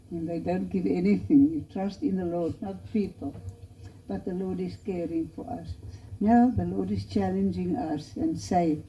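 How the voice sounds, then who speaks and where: A woman's voice: lowish voice, mellow. A woman preaching a missionary appeal in a church chapel, earnest and pleading as she tells a story. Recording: lo-fi dull recording.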